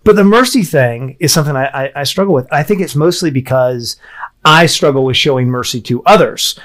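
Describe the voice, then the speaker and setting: A man's voice: fairly high pitch, brisk, fairly bright tone. A man on a podcast panel, telling stories in a casual discussion and often laughing mid-sentence.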